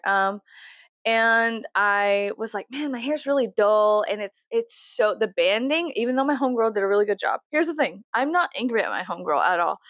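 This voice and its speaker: A young woman from Texas talks straight to camera in a loose, rambling vlog, swearing freely and joking as she goes. Her voice sits at an ordinary middle pitch, and the sound is close and dry with no room around it. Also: a bit bright, no room sound. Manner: profane, chatty, jokey. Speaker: vlogger. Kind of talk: casual rambling monologue.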